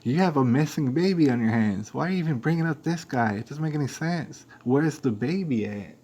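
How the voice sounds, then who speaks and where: A man's voice: medium pitch, expressive, fairly quick, dark tone, slight background noise. A man hosting a live stream, giving rambling, speculative commentary on news clips with many fillers and restarts.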